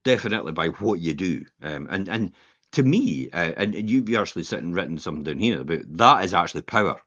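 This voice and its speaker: Scottish man, middle-aged, low-ish voice with a lively, swooping delivery; rambling anecdotal podcast chat on a dull lo-fi recording. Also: fast talker, dry recording. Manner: rambling, animated storyteller who acts out quotes. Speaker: podcast co-host. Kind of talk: casual chat, anecdotal storytelling. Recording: dull, slightly lo-fi podcast audio.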